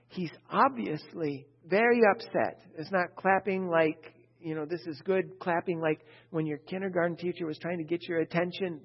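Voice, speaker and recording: A man preaching a sermon, reading scripture aloud and then explaining it in casual talk, with a gravelly, husky voice. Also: a little high. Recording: dull lo-fi with long hall reverb.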